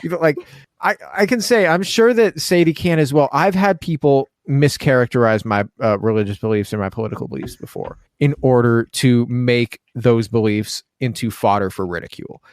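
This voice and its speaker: A man explains his point on a podcast in long, wry runs of talk. His voice is mid-pitched, recorded close with a dry sound. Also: normal speed, no room sound. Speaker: podcast co-host. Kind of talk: casual chat.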